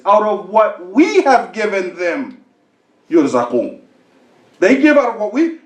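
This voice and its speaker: A man's voice: high voice, a little mellow. A man giving a sermon to a congregation, quoting verses and telling a funny story with acted-out voices. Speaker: sheikh giving a talk. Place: mosque hall with an audience. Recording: echoey hall.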